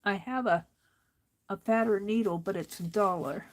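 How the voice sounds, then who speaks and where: A woman hosts a casual art journaling demonstration, talking to herself as she stitches in a book and growing mildly frustrated. She speaks at a measured pace with a medium-pitched voice.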